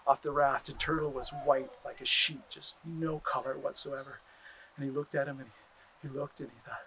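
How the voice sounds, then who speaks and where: A man tells a traditional tale aloud, stretching and repeating phrases for effect. His voice is husky and sits somewhat high, and he swings between quiet and loud. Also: low-quality recording. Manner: animated, repetitive, drawn-out phrasing. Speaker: storyteller. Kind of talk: oral storytelling.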